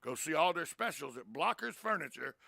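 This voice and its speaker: A man hosting a morning talk radio show, chatting in a brisk, folksy, opinionated way. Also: on the high side, very animated, vocal fry, pushed and bright, no echo. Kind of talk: casual radio chat. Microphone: studio microphone.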